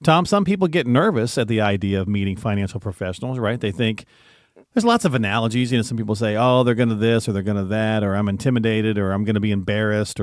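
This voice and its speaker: A lower-voiced man co-hosts a talk radio show, upbeat and promotional as he reads contact details and tees up questions. His voice is dry and close in a radio studio. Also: dry recording. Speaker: radio co-host.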